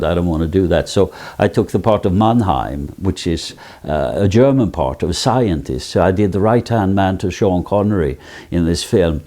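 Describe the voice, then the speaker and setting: Older man telling stories, low warm voice. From Sweden. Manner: rambling anecdotes with fillers and restarts. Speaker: actor. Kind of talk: interview storytelling.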